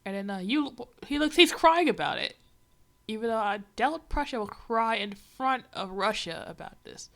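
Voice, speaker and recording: Sarcastic young woman streamer, bit high. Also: animated, normal speed, creaky, a bit bright. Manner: sarcastic, exasperated asides. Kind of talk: livestream reaction commentary.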